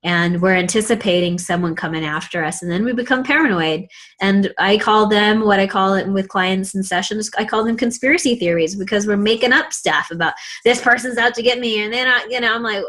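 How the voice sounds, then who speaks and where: A woman's voice: medium pitch, brisk, a bit bright. Reflective woman coach hosting a podcast. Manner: reflective, explanatory. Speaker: podcast host, career coach. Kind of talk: casual interview chat.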